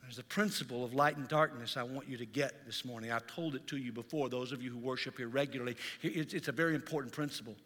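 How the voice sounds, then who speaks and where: Guy pastor preaching in church, acts out the stories, bright ringing voice, long echo. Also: mid-range voice, fast talker, few pauses. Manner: animated storytelling, dramatizes scenes. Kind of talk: sermon. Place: church sanctuary.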